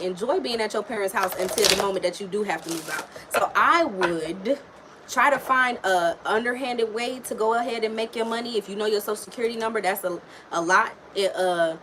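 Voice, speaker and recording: A woman's voice: medium pitch, very noisy. A woman giving a casual live tarot reading, talking frankly and chattily to a viewer, with plenty of swearing. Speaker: tarot reader.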